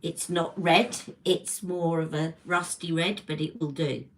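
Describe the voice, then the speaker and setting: A woman's voice: sits low, steady tone, measured pace, rough recording. A British woman hosting a casual makeup livestream from home, chatting and rambling as she greets viewers. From Britain. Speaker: beauty livestream host. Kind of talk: casual live makeup chat. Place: home room. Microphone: livestream camera mic.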